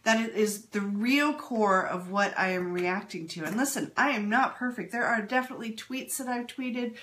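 A woman's voice: on the high side, normal speed, fairly bright tone. A woman giving an earnest, emphatic spiritual talk to her audience, full of rhetorical questions. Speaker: spiritual teacher.

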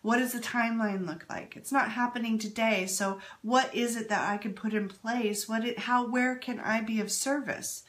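A woman's voice: a little high, fairly even intonation, moderate pace, few pauses. A woman giving an earnest, emphatic spiritual talk to her audience, full of rhetorical questions. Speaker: spiritual teacher.

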